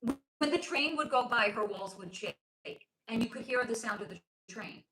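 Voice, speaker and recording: A woman's voice: on the high side, normal speed, reverberant, poor audio. A woman from the United States chatting casually on a livestream as a psychic reader, rambling and swearing. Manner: animated, swearing, rambling asides.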